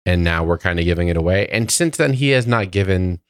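A man with a very low voice chats casually on a podcast while getting over a cold. He rambles through stories, padding them with ums and uhs. The sound is close and dry. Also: animated, brisk, smooth, no room sound. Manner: rambling storytelling with many fillers. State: voice lowered by a cold. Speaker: podcast co-host. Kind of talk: casual chat.

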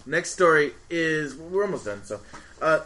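A man's voice: on the high side, lively intonation, unhurried, sharp tone, slight background noise. A man hosting a casual podcast chat, moving the talk through news stories. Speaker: podcast host.

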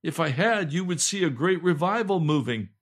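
An older male pastor, slightly hoarse, preaching a fervent sermon that swings between loud pleading cries and low, intense urging. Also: expressive, normal speed. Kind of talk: impassioned home sermon video.

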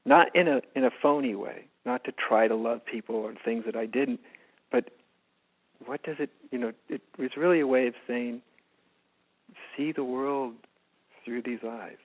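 Soft-spoken man on a phone-like line. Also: medium pitch. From United States. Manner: soft-spoken, halting with many restarts. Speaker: spiritual teacher. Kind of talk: reflective storytelling in interview. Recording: phone-like narrow band.

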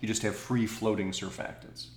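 A man's voice: lowish voice, level tone, moderate pace, reverberant. A man co-hosting a podcast, explaining cosmetic chemistry thoughtfully, correcting himself and slipping in jokes. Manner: thoughtful, self-correcting, jokey asides. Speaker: podcast co-host. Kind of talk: casual science chat.

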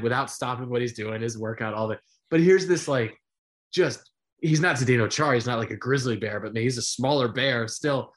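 A middle-aged man, a sportscaster guest, telling stories in a casual interview, animated and full of fillers. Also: medium pitch, moderate pace. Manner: animated storyteller with many fillers.

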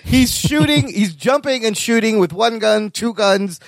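A man's voice: high-pitched, animated, measured pace, creaky, no echo, clean studio sound. A man co-hosting a casual movie review podcast, chiming in with enthusiastic interjections. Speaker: podcast co-host.

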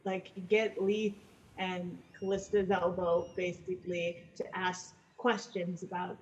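A woman's voice: lowish voice, flat delivery, measured pace, a little mellow. A woman running a tabletop game as game master, narrating in an easygoing way with frequent laughs. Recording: dull lo-fi sound with faint music.

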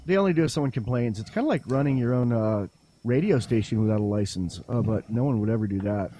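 A man's voice: medium pitch, animated, quick pace, dark tone, a little hiss or hum. Joking, rambling man on a podcast. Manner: joking, rambling, boastful banter. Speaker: podcast guest. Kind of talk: casual podcast conversation. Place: home in Wyoming. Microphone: online voice chat call.

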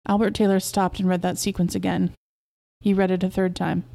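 Woman reading a spooky short story on her podcast, mellow dark tone, calm and steady. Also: fairly low pitch, a little fast, gravelly. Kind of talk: storybook narration.

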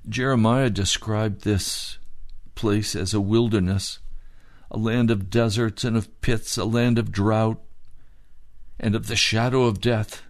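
Older male pastor, gravelly low voice, slow earnest sermon delivery. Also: fairly even intonation. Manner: slow, earnest preaching with drawn-out pleas.

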